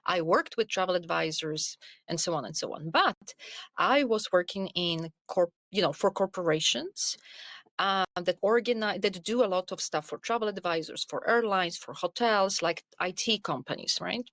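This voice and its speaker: Middle-aged woman, podcast guest, earnest and animated storyteller, close dry sound. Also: lowish voice, normal speed, no echo. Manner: earnest, animated storytelling with frequent "you know". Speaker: podcast guest, wellness coach. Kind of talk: conversational interview storytelling.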